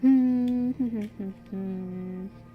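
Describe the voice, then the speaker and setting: A woman streamer casually thinking aloud over a puzzle game, hesitant and giggly, with soft music behind. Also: mid-range voice, extremely slow, phone-quality sound. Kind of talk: casual gameplay commentary. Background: soft background music.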